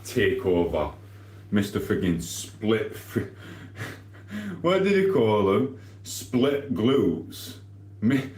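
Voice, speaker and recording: Reading viewer comments on a live stream, a Sheffield man from Yorkshire, England, rambles through casual banter and laughs. His voice is medium-pitched and a little mellow, recorded in an echoey room.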